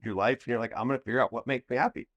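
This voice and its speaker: A man's voice: medium pitch, rapid-fire, dull audio. A man hosting a podcast, explaining an idea casually by talking through examples as if thinking aloud. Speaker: podcast host. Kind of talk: casual conversation.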